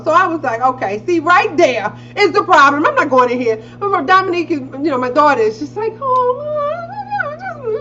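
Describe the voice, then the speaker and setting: Woman co-host, middle-aged, casual and profane, animated storyteller with a wide-ranging voice, lo-fi audio. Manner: animated, acts out quotes with big pitch jumps; casual, swears freely. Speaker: podcast co-host. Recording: slightly dull lo-fi audio with faint hiss.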